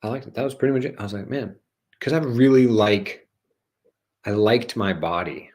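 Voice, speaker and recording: Playful rambling man, lowish voice. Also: moderate pace, darkish tone, dull audio. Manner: playful and rambling, swears, jokey rhymes. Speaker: host of a spiritual channel show. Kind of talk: casual rambling livestream monologue.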